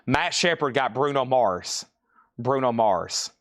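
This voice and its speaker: A man's voice: medium pitch, lively intonation, a bit bright. A man running a live-stream record sale, calling out lots and bids with casual asides. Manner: rapid lot calls and bid tallies with casual asides. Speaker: live auction seller.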